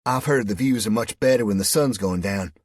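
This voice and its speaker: A man's voice: fairly low pitch, brisk, no echo, clean studio sound, voice pushed up, close to an everyday voice. A man voicing a flirtatious, sarcastic woman from West Virginia with a Southern drawl, teasing and fond of pet names. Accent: American Southern.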